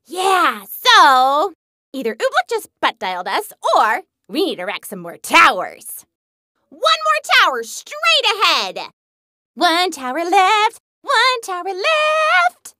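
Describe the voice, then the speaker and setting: A woman's voice: high-pitched, huge pitch swings, measured pace, sharp tone, no echo, clean studio sound, full character voice. A woman voicing a hyper, gleeful young huntress in a video game who loves smashing things, bubbly and bouncy. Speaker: game character.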